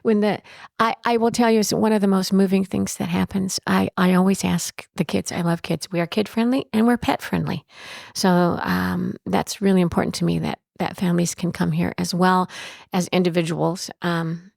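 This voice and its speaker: A woman's voice: lowish voice, fairly even intonation, moderate pace, vocal fry, a little mellow, no room sound, studio quality. A woman who owns a bed and breakfast, telling stories in an interview in a chatty way, with frequent restarts. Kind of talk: storytelling in an interview.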